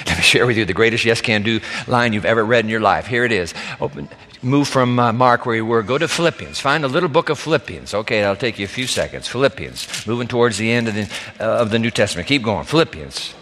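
A man's voice: medium pitch, lively intonation, brisk, a bit bright. A male pastor preaching a dramatic sermon in a church, acting out the voices he quotes. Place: church sanctuary. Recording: reverberant hall.

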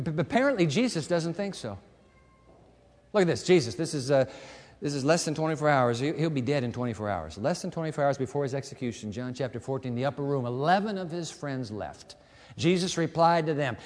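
A man preaching a sermon as pastor in a church, moving between quiet asides to the congregation and loud, emphatic passages. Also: fairly high pitch, expressive, a little fast, long reverb tail. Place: church sanctuary with a balcony.

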